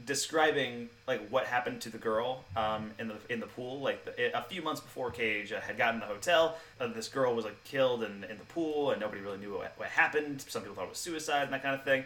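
A man co-hosting a podcast, chatting casually about a film, quick and animated, laughing often. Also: medium pitch, recorded from a distance. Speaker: podcast co-host.

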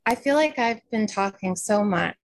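Gravelly woman sharing haltingly. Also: mid-range voice, expressive. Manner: hesitant and searching, restarts her sentences. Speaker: community member asking a question. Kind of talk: personal sharing in a group session.

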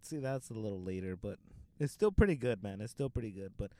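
A man's voice: fairly low pitch, expressive, fairly quick, warm tone. A young man in casual podcast chat, slangy and profane, filling his talk with "like" and "dude".

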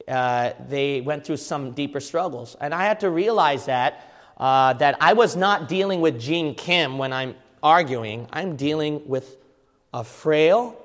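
A man preaching a sermon, hammering his points home with repetition and breaking into sudden loud bursts. His voice sits fairly high for a man. It rings out with a long reverb in a church hall. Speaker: pastor.

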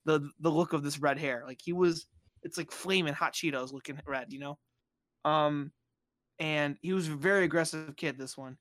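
An animated man from Bosnia tells a story on a podcast, his voice sitting a little high for a man. He jumps into squeaky voices for the people he quotes. The sound is dry and close to the mic. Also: normal speed, dry recording. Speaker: podcast host. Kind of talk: casual storytelling chat.

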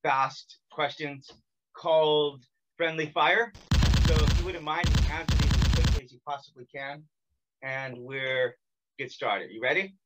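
A man's voice: a little high, measured pace, heavy background noise. An American man hosting a podcast, chatting casually and teasing his guest with jokes. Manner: joking, teasing, energetic. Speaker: podcast host. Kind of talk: casual interview chat.

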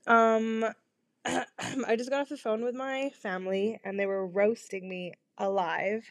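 Young woman, podcast host, raised pitch, dry close sound, rambling, self-deprecating, swears, lots of ums. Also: fairly even intonation, a little slow, creaky, no room sound. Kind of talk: casual confessional chat. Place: her bedroom. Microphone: small home microphone.

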